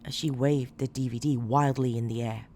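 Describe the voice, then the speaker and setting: A woman reading a horror story as scripted narration, measured and low-key with dramatic emphasis. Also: steady tone, darkish tone.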